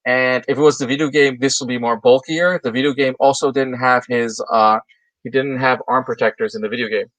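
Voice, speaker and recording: This man co-hosts a toy news livestream, chatting loosely and rambling with plenty of enthusiasm. His medium-pitched voice is steady, fairly bright and a little fast, recorded with no room sound at low quality.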